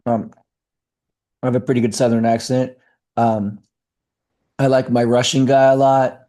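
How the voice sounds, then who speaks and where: Middle-aged male actor and coach, casual interview talk, mellow low-key timbre, animated delivery. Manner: animated, talks fast with many fillers and restarts.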